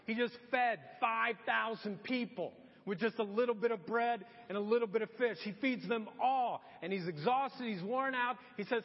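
A man delivers a sermon as pastor, his voice pitched very high with a husky edge. He tells the story with animated energy and acts out each quote. The sound is muffled and lo-fi, with a long reverb from the church hall. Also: moderate pace, few pauses. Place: church sanctuary.

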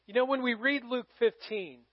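A middle-aged male pastor telling a personal story in a sermon, conversational, swinging from loud calls to hushed moments. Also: very high-pitched, moderate pace, no echo, lo-fi sound.

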